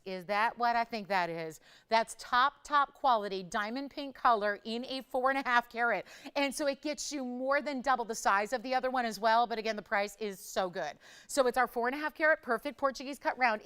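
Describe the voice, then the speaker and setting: A woman hosting live jewelry shopping, chatty and upbeat, pitching deals and reading out viewer messages. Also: fairly bright tone, clean tone. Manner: pushes deals with "I'll tell you what".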